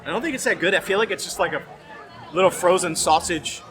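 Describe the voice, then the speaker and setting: A man's voice: sits high, fast talker, crowd noise. A man vlogging casually outdoors as he tastes food, rambling and hesitant with many fillers. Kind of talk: casual food-tasting chat. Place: outdoor festival.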